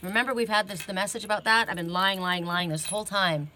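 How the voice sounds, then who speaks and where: This woman talks fast in a mid-range, sharp voice with fairly even intonation, and there's a little background noise. She's reading oracle cards, rambling casually, repeatedly breaking off to restart sentences and adding "you know" and "right?".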